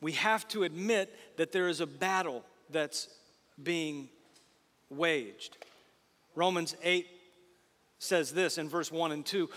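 This pastor speaks a little slowly in a slightly high voice, with long reverb trailing after him in the church sanctuary. His sermon is full of animated storytelling and asides aimed at the congregation.

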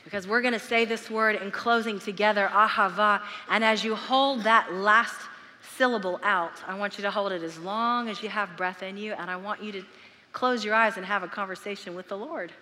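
A woman pastor preaching to her church, earnest and emphatic, leaning into key words and drawing them out slowly. Her voice is bright and forceful. It rings out with the long reverb of a large hall. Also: medium pitch. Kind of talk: sermon.

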